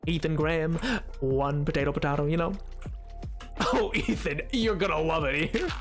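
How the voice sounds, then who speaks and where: A man hosting a live game stream, talking off the cuff and teasing his chat. His pitch jumps around animatedly as he rambles from topic to topic. Faint music plays behind him. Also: expressive, slow. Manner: rambling, playful, talks to chat. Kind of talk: casual live-stream chatter while gaming.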